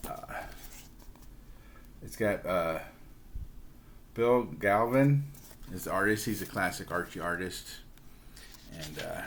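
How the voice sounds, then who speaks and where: A middle-aged man with a fairly low voice talks casually and rambles, often restarting his sentences. He sounds easygoing and unscripted. A faint background hiss sits under his voice. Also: fairly bright tone. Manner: chatty and rambling, with many fillers and restarts. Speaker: comic book collector. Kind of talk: casual show-and-tell vlog.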